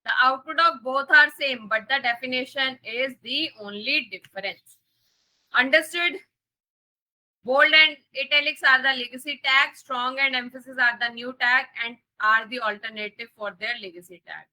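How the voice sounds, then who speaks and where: A woman's voice: high-pitched, moderate pace, pushed and bright, rough recording. A woman with an Indian English accent teaching a live coding lesson, repeating key points and checking that students understand. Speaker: coding instructor.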